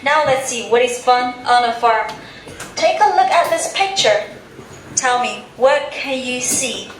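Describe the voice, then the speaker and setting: High-voiced teacher, drilling slowly. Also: female voice, expressive. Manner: slow, clearly enunciated prompting, drilling words for a class to repeat. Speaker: English teacher. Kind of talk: classroom teaching with repeat-after-me drills. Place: school classroom. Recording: echoey classroom from a distance, background noise.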